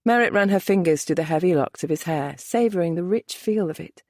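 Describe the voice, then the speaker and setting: Low-voiced woman narrating a romance. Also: expressive, dry recording, clean studio sound. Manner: soft, measured, intimate. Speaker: audiobook narrator.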